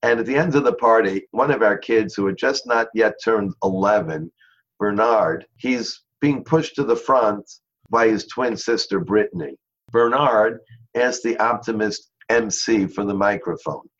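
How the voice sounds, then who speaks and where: A man guest in an interview, telling a story in an earnest way and slowing down on key phrases. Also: on the low side. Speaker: interview guest, charity founder. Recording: dull lo-fi sound.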